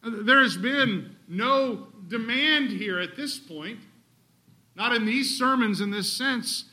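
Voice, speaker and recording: Bright-voiced emphatic male preacher. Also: very high voice, slow pace. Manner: emphatic, rhetorical questions to the congregation. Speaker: pastor. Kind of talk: sermon. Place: church sanctuary.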